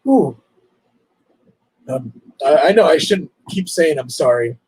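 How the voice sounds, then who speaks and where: A man hosting a casual livestream, talking in an emotional, halting, apologetic way. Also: a little high, expressive, a little mellow, slightly rough, no room sound, low-quality recording. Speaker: livestream host.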